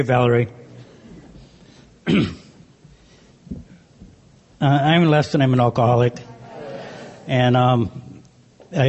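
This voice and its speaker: Man speaker, husky and dark, hesitant testimony at a convention, muffled lo-fi sound. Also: medium pitch. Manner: hesitant, halting, clears throat often. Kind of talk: personal recovery talk.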